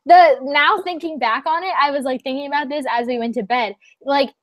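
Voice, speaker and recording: Young woman host, high pitch, dry close sound, animated and swearing casual chat. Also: dry recording. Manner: animated storytelling, frequent swearing. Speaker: channel host.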